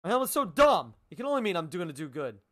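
A man's voice: high voice, big pitch swings, fast talker, fairly bright tone. A man streaming a game live, playfully joking and bantering with the characters on screen and repeating lines for laughs. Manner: playful, jokey, talks back at the game characters; goofy, repeats lines for comic effect. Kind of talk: live gaming stream commentary.

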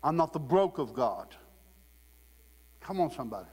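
A man's voice: fairly high pitch, very animated, moderate pace, a little mellow, slightly rough. A man from Ohio preaching a sermon in a conversational, humorous way, often laughing. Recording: long hall reverb.

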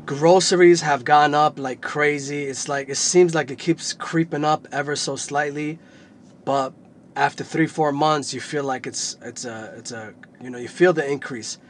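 A man from New Jersey speaks to his viewers in a plain, explaining way, his pitch a little high for a man. A faint hum of traffic runs behind him. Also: fairly even intonation, normal speed. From northern New Jersey. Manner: plain-spoken, explaining with examples. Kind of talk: casual talk to camera.

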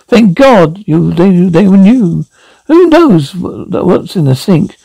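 An actress playing a fussy, house-proud middle-aged mother who scolds in hushed tones in a sitcom. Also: on the low side, big pitch swings, slow pace, gravelly, husky, no echo, heavily acted, poor audio. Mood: fussing. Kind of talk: sitcom acting.

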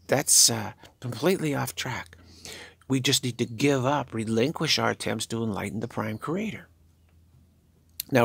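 An older man giving a spiritual talk, halting and musing, repeating himself as he searches for words. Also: medium pitch, creaky, bright, forceful tone, breathy edge, no room sound. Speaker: spiritual teacher. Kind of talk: spiritual monologue.

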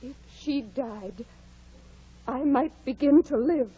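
An actress playing an unhappy young wife in a 1940s radio drama, weary and desperately pleading. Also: female voice, slow pace, mellow, breathy edge, full character voice. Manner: weary, then pleading and shrill. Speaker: Isabella. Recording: dull 1940s radio broadcast.

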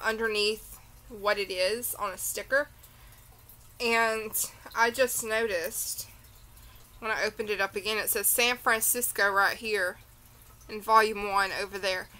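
A woman's voice: mid-range voice, sharp tone, poor audio. A tired woman with a Southern accent, rambling through a casual beauty unboxing chat full of tangents. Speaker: beauty vlogger.

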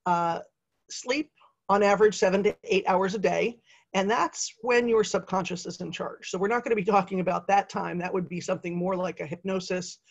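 A middle-aged woman leads a webinar, talking to her viewers in an upbeat, conversational way with the odd "um" and "uh". Her voice sits at a middle pitch for a woman. The sound is a little dull and lo-fi, like audio from a home computer mic. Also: fairly even intonation, brisk, creaky. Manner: conversational, upbeat, with frequent fillers. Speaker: webinar presenter. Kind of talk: presenting a webinar.

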